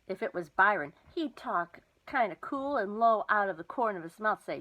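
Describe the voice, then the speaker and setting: A woman reading a children's novel aloud, with lively, expressive storytelling. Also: mid-range voice, normal speed, few pauses, poor audio. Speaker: storybook reader.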